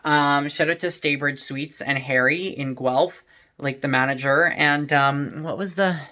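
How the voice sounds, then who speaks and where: A man's voice: on the high side, fairly even intonation, unhurried, pushed and bright. A young man telling a rambling story in a casual vlog, full of "like" and "you know". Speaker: vlogger.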